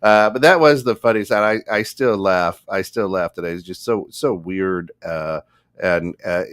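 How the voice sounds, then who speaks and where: On a podcast, a co-host tells a funny story in casual chat, laughing often and acting out the voices of the people involved. His low voice moves at a moderate pace, recorded on a studio microphone with clean sound and no echo.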